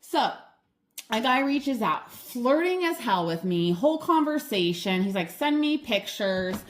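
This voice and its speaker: A middle-aged woman co-hosting a podcast, telling a story in an animated, blunt way and swearing freely. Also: fairly high pitch, unhurried. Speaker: podcast co-host. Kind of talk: casual chat.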